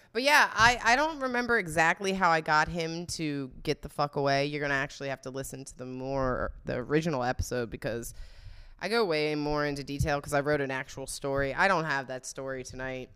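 A woman's voice: deep voice, fairly bright tone, smooth. A young woman hosting a podcast, telling stories in a candid, chatty way and often laughing. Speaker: podcast host. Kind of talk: casual confessional storytelling.

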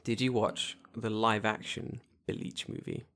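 A man's voice: lowish voice, flat delivery, measured pace, fairly bright tone. Blunt, profane man in casual chat.

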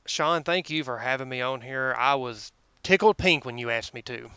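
A man with a Southern American drawl, chatting as a podcast guest in a slow, friendly way. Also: mid-range voice, bright, forceful tone, clear, resonant tone, dry recording, lo-fi sound. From Southern United States. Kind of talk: casual podcast chat.

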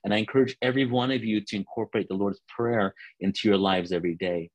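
Guy preaching on a call line, kinda low voice, dry close sound, stumbles and restarts words a lot. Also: fairly even intonation, no echo, low-quality recording. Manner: earnest teaching, repeats and restarts words, slows for scripture.

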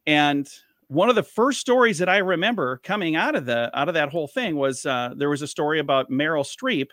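A man's voice: on the high side, expressive, brisk, a bit bright, no room sound, clean studio sound. A male comedian and radio host telling a rambling anecdote in casual chat, restarting his sentences as he goes. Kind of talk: casual storytelling.

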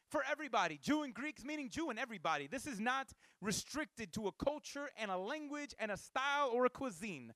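High-voiced man preaching casually. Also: normal speed, no room sound. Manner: casual and animated, with slang asides. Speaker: pastor. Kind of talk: sermon.

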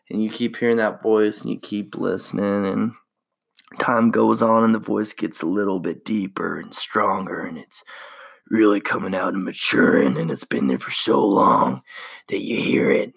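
A man's voice: on the low side, moderate pace, gravelly, breathy edge. A young man hosting a casual solo podcast, laid-back and slangy, reflecting on his life. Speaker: podcast host.

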